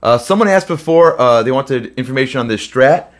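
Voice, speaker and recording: Feeling under the weather, a man with an expressive mid-range voice hosts a live Q&A stream from his home studio, speaking a little fast. Guitar plays in the background as he chats loosely and rambles, full of fillers, between songs.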